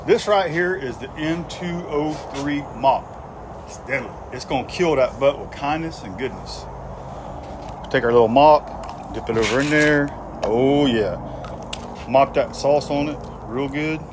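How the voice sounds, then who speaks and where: Man in his fifties, backyard cook-show host, folksy and joking, mid-pitched, faint outdoor noise behind. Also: measured pace. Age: 50s. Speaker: host of a barbecue cooking video. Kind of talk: casual cooking vlog. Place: outdoors at a grill.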